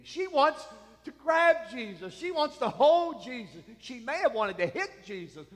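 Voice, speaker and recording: Slow-preaching high-voiced pastor, man. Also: very animated. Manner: slow, emphatic preaching with soft dropped endings. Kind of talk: sermon. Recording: long hall reverb.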